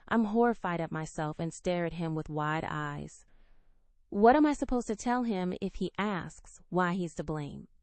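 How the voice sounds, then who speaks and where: Woman narrator, emotional first-person romance read, lively pitch, dry close sound. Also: no echo. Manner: emotional, expressive reading. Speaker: audiobook narrator.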